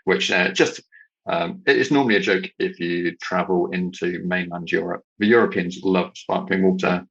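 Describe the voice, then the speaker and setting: A man from Britain, a podcast guest, talking in a hesitant casual way with many pauses and restarts. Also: low voice, creaky, fairly bright tone, slightly rough, dull audio. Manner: hesitant, lots of ums and restarts. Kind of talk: casual chat.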